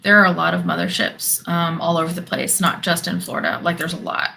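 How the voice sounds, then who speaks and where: A woman's voice: on the low side, level tone, brisk, vocal fry, bright, forceful tone, poor audio. A woman hosting a live stream, chatting casually as she answers viewers' questions and laughs often. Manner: chatty, laughs often, reacts to chat comments. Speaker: host of a spiritual live stream.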